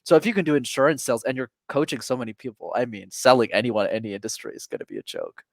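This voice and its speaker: A man, a communication coach and podcast guest, explaining his business in a fast, energetic, casual way with many fillers. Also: mid-range voice, vocal fry, no room sound.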